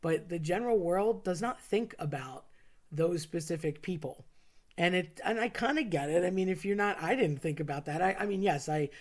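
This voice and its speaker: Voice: mid-range voice, normal speed. A person telling a true story from their school days in a casual, rambling way, with many fillers and restarts.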